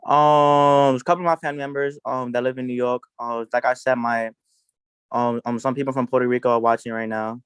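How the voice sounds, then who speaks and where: A young man speaks hesitantly on a video call, stumbling through his thanks with many fillers. His voice is smooth and resonant at a middling pitch, and it sounds dry and close. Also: little pitch movement, brisk, no room sound. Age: young adult. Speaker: graduate. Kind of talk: casual speech on a video call.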